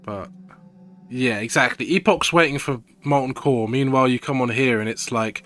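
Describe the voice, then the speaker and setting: A young man talks casually through a live gaming stream, wandering from point to point with plenty of swearing. His voice is bright and forceful, at an ordinary pitch for a man. The chat stays loose and laid-back, like he is thinking out loud. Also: a little fast, faint music behind.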